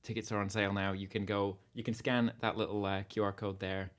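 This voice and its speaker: A man's voice: lowish voice, level tone, brisk. A British man with an accent drifting slightly North American, hosting a casual livestream chat in a jokey, easygoing way. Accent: British English, drifting slightly North American. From Britain. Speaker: livestream host.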